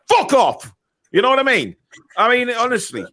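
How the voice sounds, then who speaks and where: A man doing a loud, excitable impression of a football pundit celebrating a goal. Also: very high voice, unhurried, pitched above the performer's own voice, heavily acted. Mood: gloating. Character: impression of a shouting, brash male football pundit.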